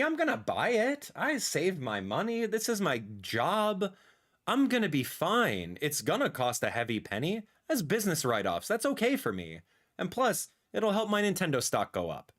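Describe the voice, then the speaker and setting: A young man streaming a live reaction, ranting and exasperated, with sudden loud outbursts. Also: a little high, wildly swooping pitch, normal speed. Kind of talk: casual livestream reaction.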